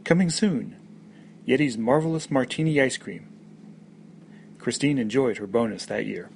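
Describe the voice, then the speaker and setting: A man reads his own short fiction in a measured, wry voice. His tone is gravelly, with a mid-range pitch. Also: darkish tone, a little hiss or hum. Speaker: story contributor. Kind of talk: reading short stories aloud.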